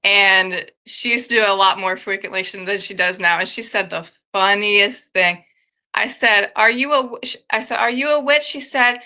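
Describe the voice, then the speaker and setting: A woman's voice: medium pitch, normal speed, sharp tone. A woman guest in a casual chat who tells stories expressively. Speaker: guest artist.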